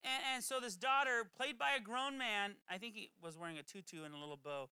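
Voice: mid-range voice, fairly quick, sharp tone, clear, resonant tone, dry recording. A preacher giving a casual, chatty sermon that keeps slipping into quoted voices. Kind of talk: conversational sermon.

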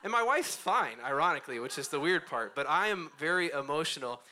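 A man's voice: a little high, animated, fairly quick, pushed and bright. A man in his thirties preaching a casual, conversational sermon on a church stage, speaking close into a microphone, self-deprecating and often laughing as he talks. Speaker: pastor. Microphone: close handheld or stand microphone.

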